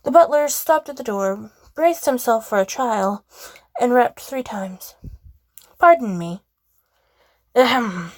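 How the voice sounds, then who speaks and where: A woman reading a first-person game story aloud, expressive, with casual asides. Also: a little high, a little slow, no echo.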